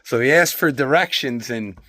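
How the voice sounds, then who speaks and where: A man's voice: medium pitch, normal speed, no room sound, studio quality. A man who sells used and antiquarian books, chatting casually as he shows off his finds and reads out their titles, tired after long days. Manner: chatty and relaxed, reading off book titles. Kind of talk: casual show-and-tell vlog.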